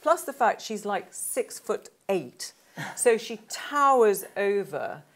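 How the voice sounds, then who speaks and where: A woman's voice: mid-range voice, very animated, takes it slowly, a bit bright. Chatty enthusiastic British woman. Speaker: panel guest. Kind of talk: casual chat.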